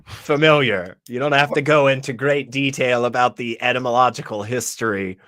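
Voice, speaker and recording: A man in casual livestream chat, measured and deliberate, reasoning his points aloud. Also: medium pitch, fairly even intonation, fairly bright tone, no echo, studio quality. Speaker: livestream guest.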